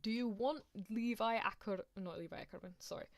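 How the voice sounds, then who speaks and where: A young British woman streaming a visual novel, chatting playfully, laughing a lot and reading story passages in a hushed voice. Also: on the high side, fairly quick, dry recording. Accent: British English. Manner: giggly, playful, reads narration in a hushed voice. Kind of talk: casual let's-play chat and reading aloud.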